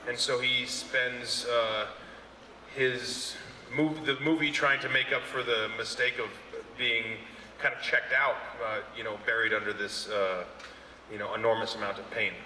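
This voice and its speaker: A man answering heartfelt and halting as an actor on a convention panel. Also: medium pitch, fairly even intonation, sharp tone, slight background noise. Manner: halting, heartfelt, searching for words. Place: large convention hall stage. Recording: echoey hall with long reverb.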